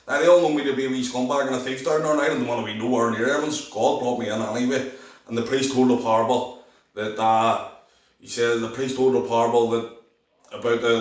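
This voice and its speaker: A man's voice: mid-range voice, very echoey, far from the mic, rough recording. A man with a Belfast accent telling his personal testimony in a rambling way, restarting often and acting out the voices of the people he quotes. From Northern Ireland. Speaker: testimony speaker.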